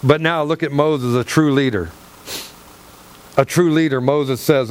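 A man preaching through a Bible passage, excitable and acting out the dialogue. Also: mid-range voice, unhurried, pauses often. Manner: excitable, acts out scripture dialogue, laughs often. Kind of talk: animated Bible teaching.

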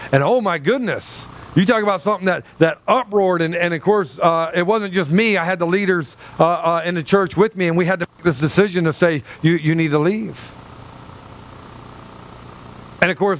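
A man's voice: sits high, fairly bright tone, a little hiss or hum. A middle-aged man, a pastor, preaching a sermon in a loose, conversational way, often restarting his sentences and acting out the voices of people he quotes.

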